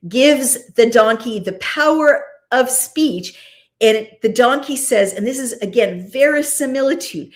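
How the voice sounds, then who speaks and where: Lively woman talking through a scripture story. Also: a little high, a little slow. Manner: lively, conversational, frequent asides. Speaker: host. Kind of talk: casual scripture commentary.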